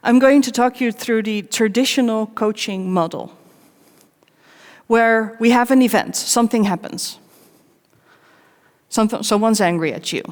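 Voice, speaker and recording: A woman giving a live conference talk, candid and personal, with wry self-mocking asides and measured pauses between short phrases. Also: a little high, darkish tone. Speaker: conference speaker. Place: large conference hall. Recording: long reverb of a big hall.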